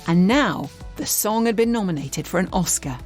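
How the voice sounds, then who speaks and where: Lively English woman narrating a documentary. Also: medium pitch, normal speed. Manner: lively storytelling delivery. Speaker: documentary presenter. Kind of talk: scripted narration. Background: faint music.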